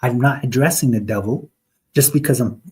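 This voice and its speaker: A man's voice: mid-range voice, brisk, dark tone, breathy edge. A man hosting a live online religious talk, arguing with viewers in the chat in a mocking tone and breaking into quoted Arabic verses. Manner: argumentative, mocking, talks straight to viewers.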